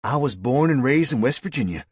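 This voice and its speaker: A man's voice: mid-range voice, lively intonation, fairly quick, husky, dry recording, voice pushed up. A man voicing a flirtatious, sarcastic woman from West Virginia with a Southern drawl, teasing and fond of pet names. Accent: American Southern.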